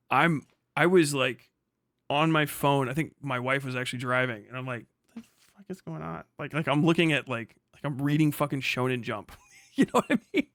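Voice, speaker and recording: A man's voice: medium pitch, dry recording, studio quality. Profane, laughing young streamer guy. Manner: profane, laughing, animated storytelling. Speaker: streamer host. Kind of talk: casual reaction rant.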